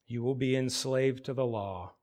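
A man preaching an expository sermon, asking rhetorical questions and slowing down to stress key phrases. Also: medium pitch, a little mellow.

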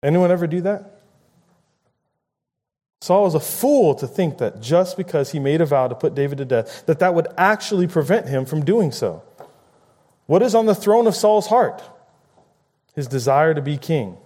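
A man's voice: on the high side, expressive, moderate pace, pauses often, a little mellow. A man preaching a conversational sermon, paraphrasing scripture and acting out quoted lines with rising emphasis.

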